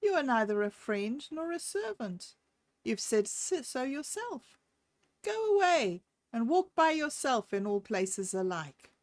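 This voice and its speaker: A woman voicing a wise, scornful cave-dwelling wife who speaks loudly and firmly. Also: high-pitched, very animated, unhurried, no room sound, voice pushed up, heavily acted. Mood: mocking.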